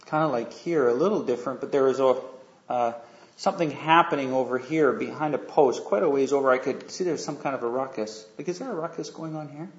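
A man's voice: medium pitch, a little fast. A man preaching a sermon in a casual, conversational way, telling a story and often asking the listeners questions. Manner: conversational, asks the audience questions, many fillers. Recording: echoey room, dull lo-fi sound.

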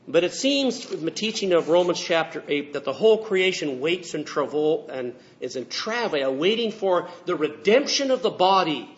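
A man's voice: fairly high pitch, animated, moderate pace, few pauses. A man preaching a sermon and telling a story, earnest and reflective. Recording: dull lo-fi recording.

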